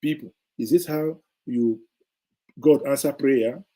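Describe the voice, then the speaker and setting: A man's voice: medium pitch, slow, dark tone, poor audio. A middle-aged man gives indignant, sarcastic political commentary as a show host, hammering his points with emphatic repetition.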